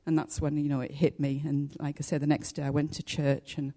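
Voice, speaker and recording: An older woman shares a testimony before her church, pausing often and filling gaps as she goes. Her voice sits very low and has a mellow, soft-edged tone. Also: flat delivery. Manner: halting and heartfelt, many pauses and fillers. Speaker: church member giving testimony. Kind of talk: personal testimony to a congregation.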